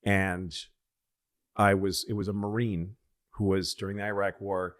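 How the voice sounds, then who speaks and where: A man co-hosting a comedy podcast in casual chat, rambling, losing his thread, and loudly acting out the people he quotes. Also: sits low, flat delivery, measured pace. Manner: rambling, loses his train of thought, acts out quotes loudly. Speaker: podcast co-host.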